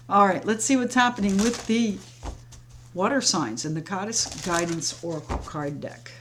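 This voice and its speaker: A woman reads tarot cards aloud in a flowing, reassuring monologue and talks to her viewers as friends. Her voice sits in a middle pitch. A faint hiss runs under the home recording. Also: moderate pace. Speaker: tarot reader. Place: home, sage burning nearby.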